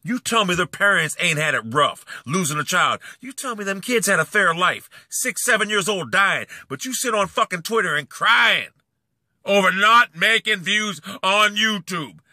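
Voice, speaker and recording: A man rants into the camera, cursing constantly and hammering the same points over and over. His high voice has a very bright, sharp edge, and his pitch swings widely between low muttering and loud yells. The sound is close and dry. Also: animated, normal speed, dry recording. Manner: profane, repetitive, swings between brooding and shouting. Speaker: YouTuber. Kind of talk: angry rant vlog.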